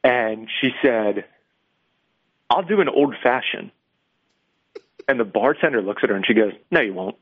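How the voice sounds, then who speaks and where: A man's voice: medium pitch, expressive, measured pace, pauses often, breathy edge. A man calling in as a radio show guest, chatting through a long anecdote and laughing along. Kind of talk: casual radio chat. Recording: tinny phone line.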